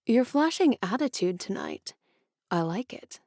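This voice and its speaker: A woman's voice: medium pitch, very animated, a little slow, a little mellow, no echo, clean studio sound. A woman voicing a charming, arrogant young male officer who talks in a smug, teasing way.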